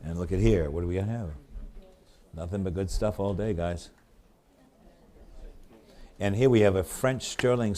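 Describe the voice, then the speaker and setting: With a New England accent and a low-pitched, dark tone, a male auctioneer rattles through bids in fast repeated runs. Between them he drops in chatty remarks about the items up for sale.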